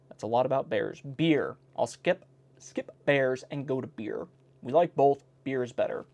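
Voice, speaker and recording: A man's voice: medium pitch, a little slow, darkish tone. A man hosting a casual reading of an old joke book, stopping often to make wry comments on each joke. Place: indoor home recording in South Carolina.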